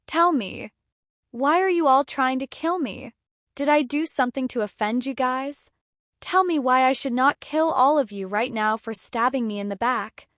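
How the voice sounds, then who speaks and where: A woman's voice: high voice, moderate pace, a bit bright, no echo, clean studio sound. A woman narrator voicing a young man, a student turned fighter, who speaks in a dazed, bitter way after being betrayed. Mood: angry. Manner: dazed, then angry and bitter.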